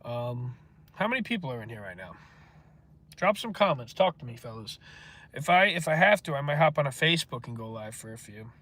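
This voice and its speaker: A man's voice: medium pitch, sing-song, a little fast, pushed and bright. A man hosting a casual livestream, rambling and swearing as he answers chat comments. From northeastern United States. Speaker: livestream host.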